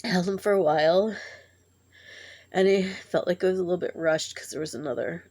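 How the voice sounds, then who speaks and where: A woman telling a tearful personal story in a halting, emotional way, sighing and breaking off as she grieves. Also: on the low side, steady tone, a little mellow. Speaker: vlogger.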